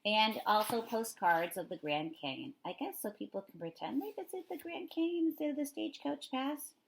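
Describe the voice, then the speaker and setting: A woman reading a middle-grade novel aloud in an expressive storytelling way. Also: a little high, brisk, creaky, rough recording. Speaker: reader.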